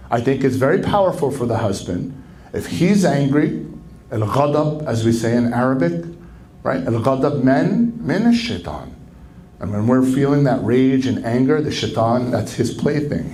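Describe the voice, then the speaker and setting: A man speaking as a marriage counselor at a conference, lecturing in an animated way and acting out quoted speech with sharp jumps in pitch. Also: normal speed, rough recording. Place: conference venue.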